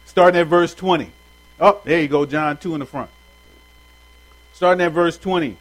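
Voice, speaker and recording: With a slightly high voice and fairly even intonation, a man leads an informal group Bible study at normal speed. He talks loosely with slang, chatting with listeners and putting questions to them directly, on a rough recording.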